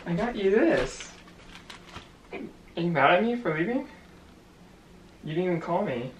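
A man's voice: high voice, big pitch swings, measured pace, slight background noise. Flustered young man with hiccups. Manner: flustered, keeps repeating "wait". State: has the hiccups. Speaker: co-host of a couple's channel. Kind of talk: casual couple vlog chat.

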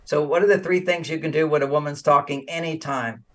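Older man, interview guest, from the US, animated, acts out dialogue, high-pitched, slightly distant mic. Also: fairly quick. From United States. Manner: animated, acts out quoted dialogue, laughs often. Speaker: relationship author, interview guest. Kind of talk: casual interview talk with storytelling.

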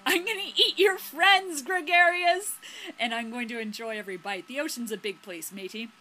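Woman putting on a gruff old fisherman. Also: a little high, quick pace, fairly bright tone. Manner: blunt, folksy sailor talk. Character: gruff older male fisherman, blunt sailor.

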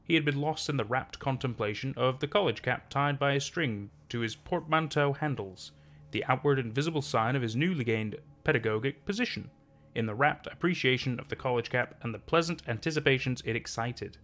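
A man narrating a classic short story in a measured storytelling manner. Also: mid-range voice, a bit bright. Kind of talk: scripted narration.

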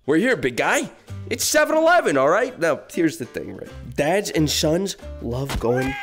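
A man improvising a comedic dad role-play while playing a VR game, swinging between coaxing and panicked outbursts. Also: medium pitch. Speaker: VR game streamer.

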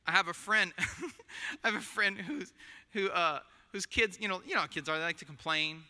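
A man's voice: high-pitched, lively intonation, normal speed, sharp tone. A man preaching a sermon in a conversational, joking way, often checking in with his listeners by asking "right?". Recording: long hall reverb.

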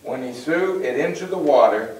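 A man reading a scripture passage aloud in a plain, steady way during a class. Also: mid-range voice, normal speed. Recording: echoey room, voice far from mic.

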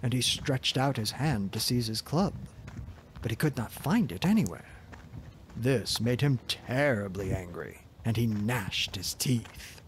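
A man narrating a fairy tale in a soft, gentle, expressive reading voice. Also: medium pitch, a little slow, slight background noise. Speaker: storyteller.

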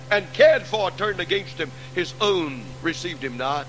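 A pastor preaching a sermon, repeating refrains, sinking quiet and then swelling into loud, rousing calls. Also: male voice, high voice, expressive, measured pace, few pauses, a little hiss or hum, poor audio.

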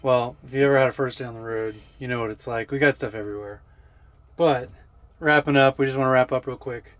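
Male vlog host, thirties, jokey and relaxed, mid-pitched, filmed walking outside. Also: quick pace, dry recording. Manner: easygoing, jokey, talks to the camera. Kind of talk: casual travel vlog chat. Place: outdoors on city streets.

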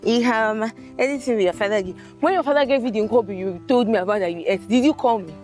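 An actress playing a cheerful young student with a Nigerian accent, excitable and grateful. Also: female voice, a little high, fast talker, soft background music, lightly acted. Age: young adult.

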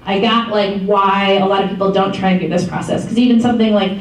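A woman's voice: mid-range voice, fast, distant mic. Young woman talking from across an echoey room. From Michigan. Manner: chatty, animated storytelling with many ums. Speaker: activist speaker. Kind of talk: casual public talk. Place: meeting room.

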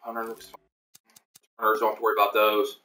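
A man with a lowish, monotone voice talks fast and sharply while hosting a casual league livestream, rambling through team depth charts with plenty of fillers and self-corrections. He sits away from the mic in an echoey room.

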